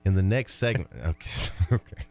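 Quick-talking, laughing male sports cohost. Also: deep voice, vocal fry, a little mellow, faint music behind. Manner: quick, laughing, defensive comebacks. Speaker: sports radio co-host. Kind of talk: casual sports talk banter.

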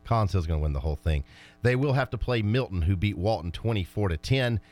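A man hosting a sports talk radio show, talking with fired-up energy about high school and college football. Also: lively intonation, fast, a little mellow, faint music behind.

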